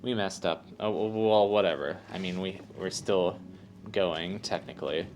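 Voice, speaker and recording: A man giving rambling, halting gameplay commentary as a let's play host, joking at his own expense. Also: sits low. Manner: rambling, halting, self-deprecating. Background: faint game music.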